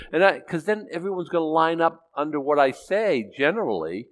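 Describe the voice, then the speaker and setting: A man's voice: on the high side, very animated, a little fast, hardly any pauses. Man preaching a casual sermon. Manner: conversational, with frequent restarts and rising emphasis. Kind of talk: informal sermon.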